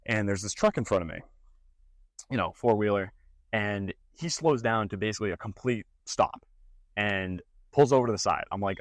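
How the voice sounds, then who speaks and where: In a fairly low voice on a dry recording, a young man who makes fitness and gaming content swaps stories and advice in a casual talking-head style. He acts things out with mocking put-on voices.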